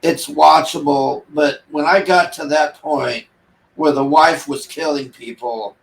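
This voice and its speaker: A man's voice: fairly high pitch, fairly even intonation, a little slow, vocal fry, far from the mic, a little hiss or hum. A man rambling through a casual movie review, exasperated and sarcastic, mocking the characters as he talks. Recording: echoey room, voice off-mic.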